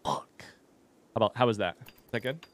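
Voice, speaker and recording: A man's voice: mid-range voice, racing. A man chatting casually and joking as he streams a game from a room at home, swearing freely and talking to his chat. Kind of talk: casual live-stream commentary.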